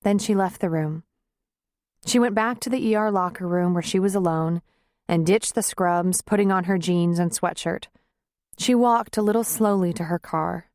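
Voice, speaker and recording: A woman reading a romance novel aloud in a measured, even storytelling manner. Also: lowish voice, dry recording, clean studio sound. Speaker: audiobook narrator. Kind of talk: scripted narration.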